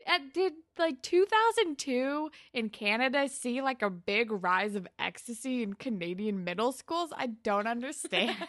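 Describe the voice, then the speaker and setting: A woman's voice: on the high side, expressive, unhurried, few pauses, fairly bright tone, no room sound, clean studio sound. Chatty young woman podcast co-host. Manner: chatty, puzzled and amused. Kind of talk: casual chat.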